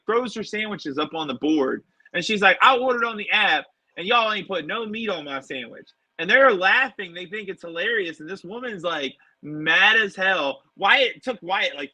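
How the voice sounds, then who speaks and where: A man's voice: a little high, bright, forceful tone, no room sound, poor audio. A man, a professional wrestler, telling stories in a casual interview, acting out quotes with animation.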